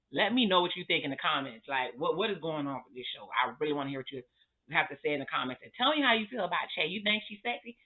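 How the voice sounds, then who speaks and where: A woman giving a casual, blunt recap of a TV episode and talking straight to her viewers. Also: on the low side. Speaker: TV review vlogger. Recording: thin, phone-like sound.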